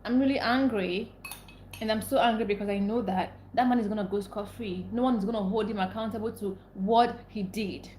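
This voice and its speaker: A woman's voice: medium pitch, steady tone, brisk, few pauses, mellow, roomy sound, a little hiss or hum. A young woman, venting angrily and repeating herself as she talks to her livestream viewers. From Nigeria. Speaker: livestream host. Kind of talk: casual live stream rant.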